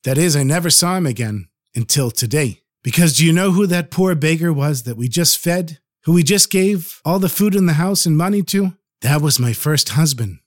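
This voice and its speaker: A man telling a traditional story in a gentle, earnest way, dropping in Hebrew and Yiddish words. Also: on the high side, lively intonation, normal speed, hardly any pauses, dry recording, studio quality. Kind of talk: storytelling narration.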